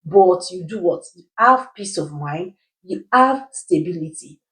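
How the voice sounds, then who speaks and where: Teacherly woman with a lowish voice. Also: expressive, unhurried, fairly bright tone, rough recording. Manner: teacherly, poses rhetorical questions and answers them; keeps checking in with "right?". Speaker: personal finance educator. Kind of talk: explainer video.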